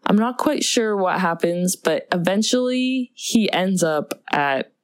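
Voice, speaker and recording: A young woman in casual chat recapping a movie, animated and laughing often, acting out characters in quick impressions. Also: fairly low pitch, dry recording.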